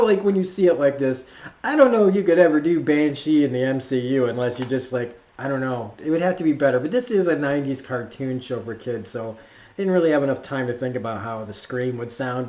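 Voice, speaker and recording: A man's voice: mid-range voice, a little fast, a little mellow. A man recapping a cartoon episode in a casual, rambling way, full of fillers and laughs. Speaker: cartoon reviewer. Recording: roomy echo.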